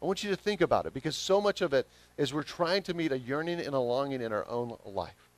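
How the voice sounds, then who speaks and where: A man with a Southern accent preaching a sermon as pastor, swinging from quiet reflection to emphatic, rising calls. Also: medium pitch, expressive, fast, no echo. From Southern United States.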